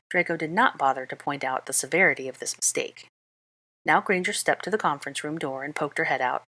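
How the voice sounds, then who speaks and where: A woman narrating a fan fiction story aloud in a calm, measured reading voice. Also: low voice. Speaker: reader.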